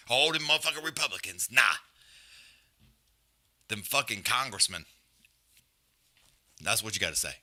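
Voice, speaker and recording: A man hosting a live fight stream, trash-talking in profane casual banter and calling the action. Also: fairly low pitch. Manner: loud, profane, animated trash talk. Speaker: livestream host.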